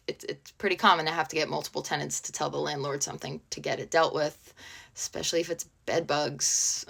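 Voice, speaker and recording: A woman's voice: low voice, moderate pace, gravelly, a bit bright. A woman reading online posts aloud and commenting on them in a blunt, sarcastic, casual way.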